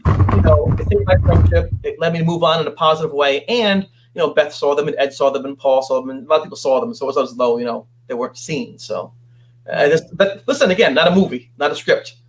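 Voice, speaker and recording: High-voiced, animated male storyteller. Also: fast, slight background noise. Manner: animated, acts out quoted voices. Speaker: guest. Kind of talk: storytelling interview.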